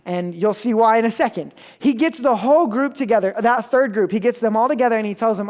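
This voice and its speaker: Give me a young male preacher telling a story in a relaxed, self-mocking way. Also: high-pitched, fairly quick, hardly any pauses. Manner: casual and self-mocking, acts out the people in his stories. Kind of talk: storytelling sermon.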